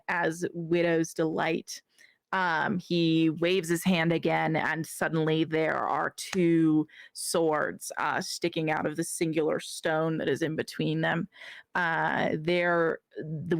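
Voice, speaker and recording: Slow, deliberate woman game master. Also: sits low, no room sound. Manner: deliberate, halting narration. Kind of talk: narrating a tabletop game.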